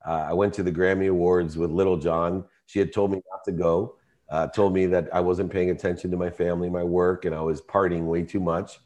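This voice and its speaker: Man, very low voice, emphatic storyteller, interview guest. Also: level tone, fairly quick. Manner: emotional, emphatic, rising to shouting in quoted arguments. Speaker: entrepreneur guest.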